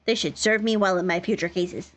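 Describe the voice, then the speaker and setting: A woman voicing a haughty, fussy gentleman detective in a game, speaking in a pompous, formal way. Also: fairly low pitch, a little fast, close to an everyday voice.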